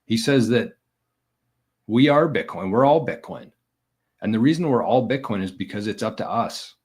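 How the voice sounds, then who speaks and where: A man's voice: mid-range voice, breathy edge. A man hosting a daily vlog, reading viewer comments and answering them in a blunt, profane, combative way. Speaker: bitcoin vlogger.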